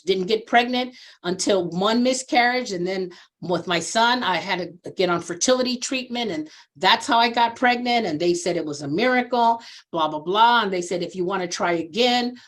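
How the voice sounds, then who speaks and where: A woman in her sixties speaks as a guest in a conversational interview, a veteran social worker sharing her experience. She tells stories with lively expression, often slipping into the voices of people she quotes. On personal matters she becomes earnest and reflective. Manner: animated storyteller who acts out quoted voices with big pitch jumps.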